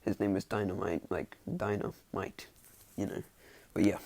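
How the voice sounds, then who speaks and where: A man's voice: low voice, level tone, normal speed, vocal fry, a little mellow, dry recording. A man casually telling a fan-made story in a rambling, hesitant way, restarting often and chuckling along.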